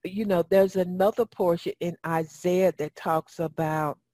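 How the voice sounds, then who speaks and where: A woman's voice: on the low side, steady tone, unhurried, warm tone, no echo. A woman giving a Bible teaching in a folksy, emphatic way and reading scripture aloud. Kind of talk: sermon teaching.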